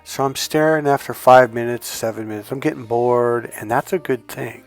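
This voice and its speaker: A man in a casual storytelling monologue, talking slowly and calmly with the occasional blunt curse. His pitch sits in the middle range for a man. Soft music plays faintly behind him. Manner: deliberately slowed, calm delivery with blunt profanity. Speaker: dating coach.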